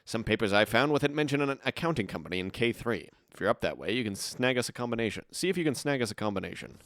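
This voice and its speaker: Guy streaming a game, rambling and reading notes out loud, dry mic. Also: mid-range voice, animated, quick pace, dry recording. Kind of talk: casual gameplay commentary.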